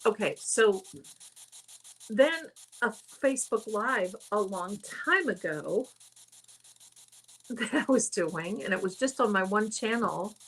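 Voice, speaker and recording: A woman's voice: mid-range voice, lively intonation, slow pace, pauses often, a bit bright, breathy edge, rough recording. A woman psychic hosting a live stream, chatting casually and rambling through stories. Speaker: psychic host.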